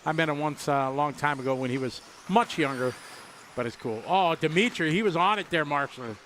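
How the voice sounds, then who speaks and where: A man's voice: fairly high pitch, a little fast, a bit bright, a little hiss or hum. A man from the United States giving live race commentary, chatty and upbeat. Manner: chatty, upbeat, laughs easily.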